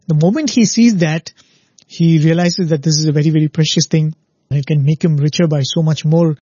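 A man's voice: a little high, fairly quick, warm tone, slightly rough, no echo. Man giving a spiritual talk, muffled. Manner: explanatory, often adds "right?" to check in with listeners. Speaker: spiritual speaker.

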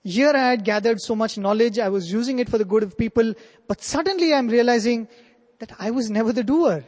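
A man's voice: very high voice, a little fast, a little mellow. A man quoting a humbled old heart surgeon. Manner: reflective, humbled. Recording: long hall reverb.

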